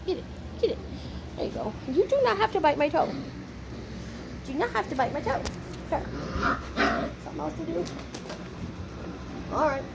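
A woman's voice: high-pitched, very animated, normal speed, gravelly, long pauses. A woman who breeds dogs, talking to her puppies in playful sing-song baby talk, cheering and praising them while she films in an indoor puppy pen. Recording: noisy room with puppies.

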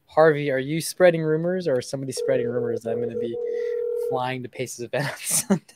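A young woman hosting a casual live stream, excitable and jokey, swearing freely and teasing herself. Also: extremely low pitch, fast, very noisy. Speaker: streaming host making sales calls.

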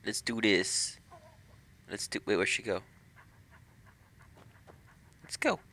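A man doing let's play commentary, excitable, swearing and laughing at the game. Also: lowish voice, a little slow, a little hiss or hum. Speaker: gaming channel host.

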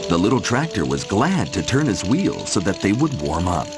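A male storyteller with a lowish voice reads a children's story with big, lively swings of pitch. Music plays clearly underneath the narration. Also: moderate pace. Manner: animated, expressive. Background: background music.

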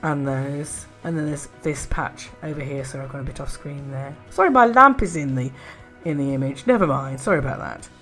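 A woman chatting casually in a craft haul video, gushing with soft admiring murmurs and little laughs. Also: low-pitched, moderate pace, soft background music. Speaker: art and craft vlogger.

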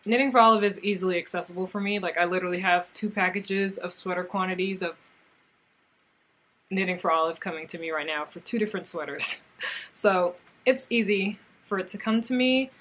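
A young woman casually chatting in a crafts vlog, gushing and excitable as she shows off yarn and talks to it and her viewers. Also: lowish voice, a little fast, a little hiss or hum. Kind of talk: casual haul vlog chat.

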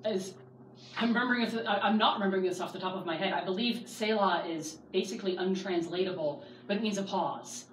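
A woman in her thirties teaching a Bible study class, lively and acting out the voices she quotes. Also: mid-range voice, fast talker. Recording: echoey room, distant mic, faint hiss.

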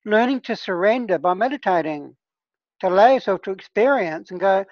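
Over a dull, lo-fi call line, a woman who facilitates plant medicine gives an earnest, casual teaching talk to her discussion group. Her medium-pitched voice has lively intonation and moves a little fast on a dry recording. She's conversational and keeps asking "right?" to check in.

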